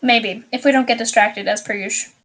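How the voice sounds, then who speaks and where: A young woman with a fairly high voice co-hosts a casual podcast. She teases and corrects her partner in a relaxed, chatty way. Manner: teasing, quick to correct. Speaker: podcast co-host. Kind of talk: casual chat.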